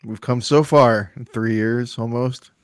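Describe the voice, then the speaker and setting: A man co-hosts a casual podcast chat, talking in a hesitant, rambling and self-deprecating way. His voice is mid-pitched, and the sound is dry and close. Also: steady tone, measured pace, clean tone, no room sound. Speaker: podcast co-host.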